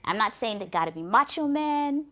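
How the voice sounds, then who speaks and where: A woman telling a folktale and then reflecting on its moral, earnest and lively. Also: fairly high pitch, moderate pace. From Africa. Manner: earnest, lively narration with restarts. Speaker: storyteller.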